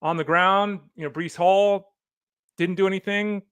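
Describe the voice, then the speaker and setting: A man hosting a solo fantasy football podcast, animated and opinionated, talking straight to the listener. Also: high voice, a little slow, clean tone, dry recording. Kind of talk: solo sports podcast commentary.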